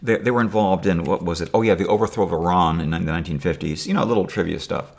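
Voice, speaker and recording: A man's voice: sits low, fast talker, creaky, a little mellow. A man talking to camera in a rambling personal monologue, with dry sarcastic humor and many fillers and restarts. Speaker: video diarist.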